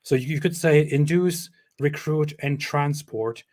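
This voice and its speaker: A man's voice: a little high, fairly even intonation, takes it slowly, darkish tone. A man with a German accent explaining a legal definition point by point in a casual online discussion. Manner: explanatory, walking through a chart. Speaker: co-host.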